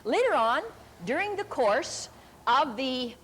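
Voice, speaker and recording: Older lady preacher telling a story in a sermon, highish voice, lots of ups and downs, slow and emphatic on key words. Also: sing-song, fairly bright tone, a little hiss or hum. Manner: deliberate, emphatic storyteller who stretches key words slowly. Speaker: preacher and Bible teacher.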